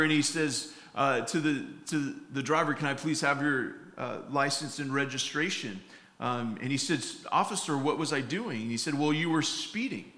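A man's voice: on the high side, pushed and bright, roomy sound. A man preaching a sermon, telling funny stories and acting out the lines of each character, with frequent fillers and restarts. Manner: storytelling with acted-out quotes, many fillers and restarts. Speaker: pastor.

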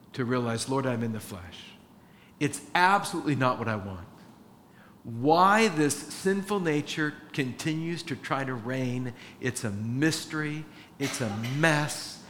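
A man preaching a sermon to his church, impassioned, swinging between hushed confession and loud emphasis. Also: mid-range voice, lively intonation, slow. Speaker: pastor. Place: church sanctuary. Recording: church hall reverb with faint room noise.

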